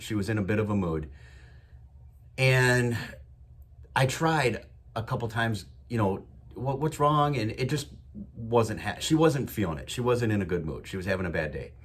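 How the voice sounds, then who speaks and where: A man's voice: lowish voice, slightly rough. A man hosting his own show, talking in an enthusiastic, emphatic motivational monologue with a lot of repetition. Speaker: podcast host.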